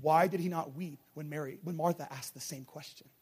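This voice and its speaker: A man preaching a passionate sermon to a church, swinging from loud urgent peaks to hushed, quiet lines. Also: a little high, steady tone, a little fast, breathy edge.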